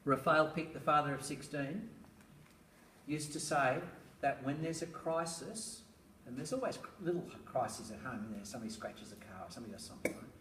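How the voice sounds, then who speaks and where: A middle-aged man gives a talk on raising children, spinning anecdotes and tossing in rhetorical asides with a chuckle. He is picked up from some distance in an echoey room, and steady noise sits under his voice. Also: mid-range voice, moderate pace. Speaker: speaker on parenting, school educator. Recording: roomy, distant, noisy room recording.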